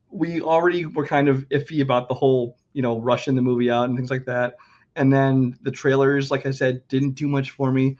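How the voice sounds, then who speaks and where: Male podcast co-host, calm and hedging in casual review chat, dull lo-fi recording. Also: mid-range voice. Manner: measured, hedging with restarts. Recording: dull lo-fi sound.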